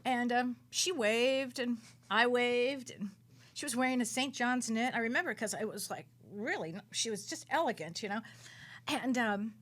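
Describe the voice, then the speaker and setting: A woman who works as a psychic medium, a guest on a radio talk show, telling her story in an animated, dramatic way and repeating words for emphasis. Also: moderate pace. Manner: animated, dramatic storytelling with big swings in pitch and loudness.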